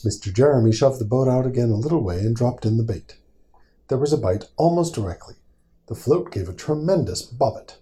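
A man reading a picture book aloud to his small child at bedtime, gentle and patient, stopping to answer questions. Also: mid-range voice, animated, fairly quick. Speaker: father reading a bedtime story.

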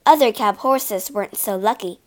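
A woman reading a storybook aloud in a slow, clear way, giving the characters voices. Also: mid-range voice. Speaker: storybook reader. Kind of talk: storybook narration for learners.

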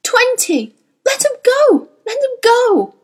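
A woman's voice: extremely high pitch, very animated, slow, voice pushed up, full character voice. A woman voicing a desperate, tormented female witch who shrieks, pleads and sobs. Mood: pleading.

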